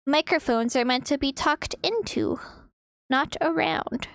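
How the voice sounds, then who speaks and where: High-voiced young woman streamer, animated. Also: measured pace, creaky, no echo, clean studio sound. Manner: animated, swearing, laughing. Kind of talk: casual chat while drawing. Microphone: desk microphone.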